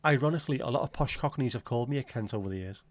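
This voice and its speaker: Guy rambling on a livestream, jokey and sweary, regular pitch, dry close sound. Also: very fast, dry recording. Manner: rambling, jokey and sweary, slips into silly voices. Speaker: livestream host. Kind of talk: casual livestream chat.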